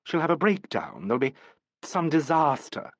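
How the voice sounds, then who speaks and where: Earnest young actress-dresser, apologetic, read by a man, lively delivery, dry close sound. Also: fairly high pitch, moderate pace, no echo. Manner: pleading, apologetic.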